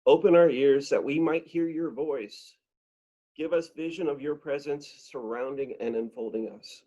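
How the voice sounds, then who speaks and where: A man leading an opening prayer in worship, measured and reverent. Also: a little high, warm tone. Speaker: worship leader. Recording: dull lo-fi sound.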